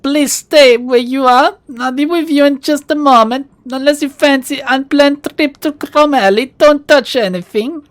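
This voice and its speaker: A woman's voice: fairly low pitch, expressive, extremely slow, clean tone, no echo, heavily acted. A woman voicing a polite, cultured male rigger in a video game, putting on a mock Russian accent while reading his dialogue aloud. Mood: warning.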